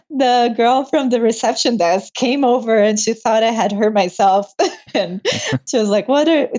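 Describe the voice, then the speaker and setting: A woman's voice: fairly high pitch, a little slow, a little mellow, highs cut off. A young woman, a medical student, telling her story in a casual interview, emotional and laughing often.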